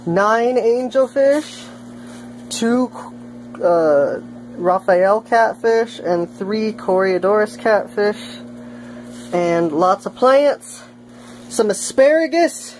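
A woman's voice: on the low side, takes it slowly, long pauses, darkish tone, a little hiss or hum. A woman vlogging casually at home, playfully chatting to her aquarium fish. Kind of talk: casual vlog tour.

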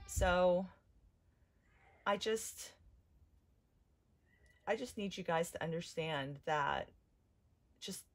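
Woman, 30s, lowish voice; upset, halting home vlog delivery, lots of restarts. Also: a little hiss or hum. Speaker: vlogger. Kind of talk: emotional personal vlog.

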